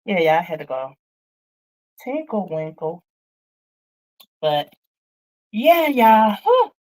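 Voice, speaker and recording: Woman live-stream host, slightly out of breath, bouncy pitch, unhurried chatty delivery. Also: sing-song, darkish tone, low-quality recording. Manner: chatty, reads and answers viewer comments. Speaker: livestream host chatting with viewers. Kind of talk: casual live chat.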